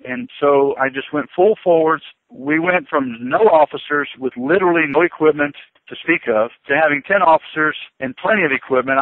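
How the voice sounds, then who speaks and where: A police chief speaks earnestly, his feeling rising as he talks as a radio guest. His man's voice sits a little high. The sound is tinny and dry, like a phone line. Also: no room sound. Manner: earnest, emotional, impassioned.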